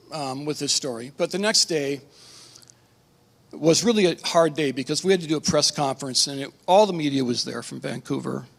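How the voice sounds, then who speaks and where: A man's voice: fairly high pitch, creaky, a bit bright. A middle-aged pastor tells a personal testimony to a conference audience in a slightly raised voice. His speech is earnest and emotional, stumbling over restarts. The long reverb of a large hall trails after each phrase.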